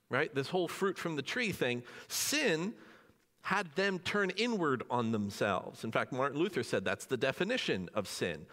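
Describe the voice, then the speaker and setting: A pastor with a bright, somewhat high voice preaches to his church in a loose, conversational way, often asking the congregation questions and acting out short bits of dialogue. His pitch swings widely and animatedly. The sound carries a long reverb from the sanctuary. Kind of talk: sermon.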